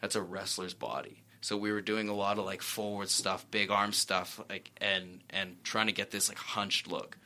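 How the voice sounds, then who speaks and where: A man's voice: fairly low pitch, little pitch movement, moderate pace, hardly any pauses, pushed and bright. A man, an actor guest, telling stories in a rambling, self-correcting way on a casual talk show. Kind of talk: casual interview chat.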